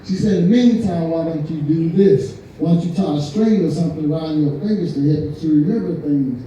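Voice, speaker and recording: Older man, stand-up comedian, high voice, animated storytelling, chuckles at his own lines, very echoey hall. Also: a little fast, a little hiss or hum. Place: American Legion hall, live show. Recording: echoey hall, mic heard from far.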